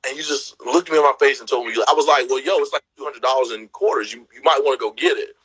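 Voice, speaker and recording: Animated man telling a dating story. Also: mid-range voice, fast, slightly rough, low-quality recording. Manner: animated storyteller acting out quotes, laughs often. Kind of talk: casual storytelling chat.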